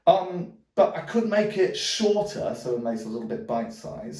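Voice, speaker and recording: Relaxed man teaching djembe. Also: fairly high pitch, moderate pace, hardly any pauses, echoey room, distant mic. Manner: rambling, hedging with "sort of" and "um"; calls out drum strokes aloud while playing. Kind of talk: hands-on music lesson. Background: djembe drumming.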